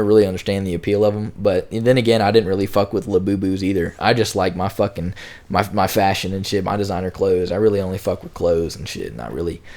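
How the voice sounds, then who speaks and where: A man's voice: low-pitched, a little mellow. A young man casually telling a long, rambling storytime, full of slang and filler words. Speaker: storytime YouTuber.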